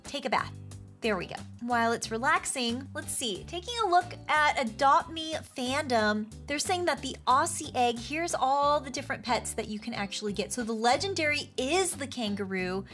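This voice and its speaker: Gushy woman narrating her game, high voice, gasps a lot, some music under it. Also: normal speed. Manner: excitable and gushing, with frequent gasps. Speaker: gaming channel host. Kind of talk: playful game commentary.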